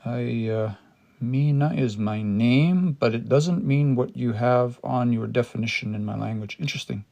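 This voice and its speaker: Speaking at normal speed in a mellow, gravelly, mid-pitched voice, a man teaching Cree runs an informal lesson, thinking out loud, starting phrases over, and breaking words into single syllables.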